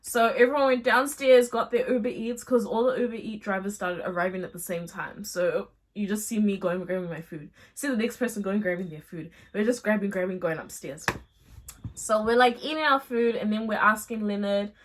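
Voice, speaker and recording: A young adult woman vlogger casually telling a storytime tale, chatty and animated, with slangy asides. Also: mid-range voice, fairly quick.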